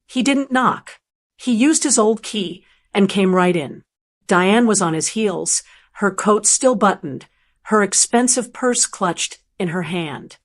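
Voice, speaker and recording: An older woman giving a calm, measured first-person story narration. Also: mid-range voice.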